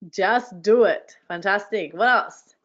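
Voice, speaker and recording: A woman hosting an online workshop, telling her story with energy and heaping quick praise on participants. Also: medium pitch, fairly bright tone, highs cut off. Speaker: workshop host and business coach. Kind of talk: motivational storytelling to an online audience. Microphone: video call.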